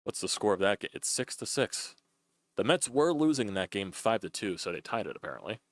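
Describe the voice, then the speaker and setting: A man's voice: on the low side, sing-song, fairly quick. A young man doing loose, chatty play-by-play on a live stream, swearing freely as he calls a baseball game.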